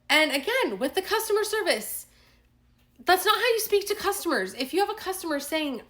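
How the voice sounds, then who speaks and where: A woman vlogger telling a storytime vlog, animated and indignant, with lots of "like" and restarts. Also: very high voice, brisk. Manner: animated, indignant retelling with many fillers.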